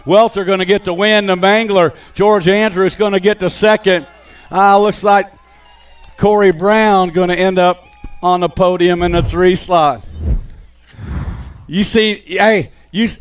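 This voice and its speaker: A man giving live BMX race commentary, calling riders and positions in an excited play-by-play. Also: sits high, clear, resonant tone. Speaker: race announcer.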